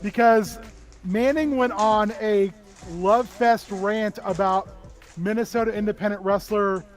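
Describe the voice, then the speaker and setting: A man's voice: high-pitched, steady tone, a little slow, faint music behind. A man co-hosting a casual live stream chat, enthusiastically recalling and quoting favorite movie lines.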